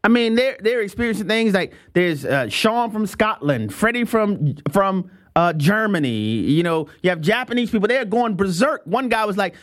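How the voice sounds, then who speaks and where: A man hosting a talk show, giving opinionated commentary in an animated way, dropping his voice low for asides and laughing often. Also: normal speed, few pauses.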